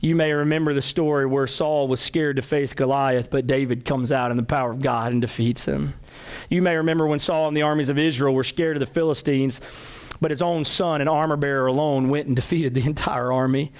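A male pastor preaching a midweek sermon, telling stories with lively acted-out quotes. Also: medium pitch, brisk, smooth. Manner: animated storytelling with acted-out quotes.

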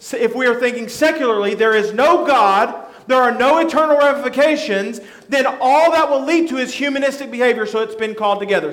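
A man preaching a sermon as pastor, earnest, slowing down to stress scripture. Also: very high-pitched, a bit bright, roomy sound.

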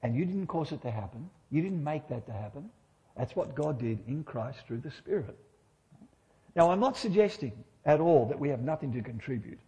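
A man's voice: mid-range voice, lively intonation, normal speed, warm tone, big-room sound. A middle-aged man preaching a sermon in church, conversational and humorous, often asking his listeners rhetorical questions.

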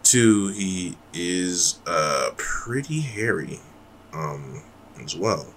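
A man's voice: sits low, lively intonation, very slow, a bit bright, a little hiss or hum. A man co-hosting a podcast in loose, rambling casual chat, swearing freely. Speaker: podcast co-host.

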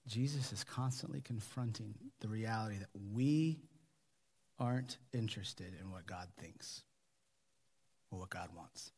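A male pastor with an American accent preaching a sermon, animated, sometimes dropping to a near whisper. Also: mid-range voice, measured pace, in a large hall.

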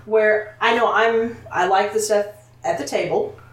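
A woman's voice: medium pitch, unhurried, roomy sound, distant mic, a little hiss or hum. A woman thinking aloud in a casual film chat, with many hesitations and restarts.

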